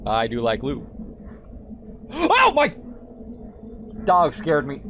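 A man streaming video games, giving sarcastic, excitable commentary that bursts into shouts. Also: a little high, slow, pauses often, slight background noise. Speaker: gaming streamer. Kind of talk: casual gameplay commentary.

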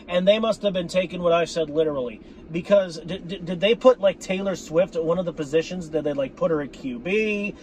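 A man's voice: sits high, a little hiss or hum. A man ranting to his viewers about his football team, swearing often and repeating himself as he talks to them as "folks". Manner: profane, repetitive, addresses viewers as folks. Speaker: sports fan vlogger. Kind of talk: ranting fan commentary.

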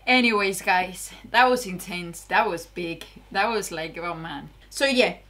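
Bright excitable young woman reacting. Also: lowish voice, a little slow. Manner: excitable, swears often, laughs a lot. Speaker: reaction video host. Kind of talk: casual TV reaction commentary.

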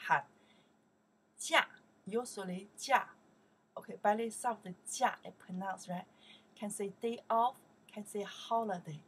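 A woman's voice: medium pitch, a little slow, long pauses, breathy edge. Patient woman teacher with a Chinese accent. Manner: patient, repetitive, says "okay" often, drills words loudly. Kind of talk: slow vocabulary lesson.

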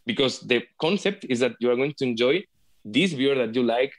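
A man from Spain with a Spanish accent, a flute player speaking as a guest over a video call in casual interview talk, halting and restarting often with repeated words. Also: mid-range voice, lively intonation.

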